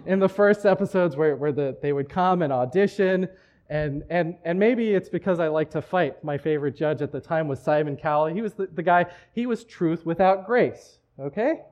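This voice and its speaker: A man's voice: a little high, normal speed, darkish tone, highs cut off. A man preaching a sermon in a church, talking in a conversational way with frequent restarts. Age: adult, married. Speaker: pastor.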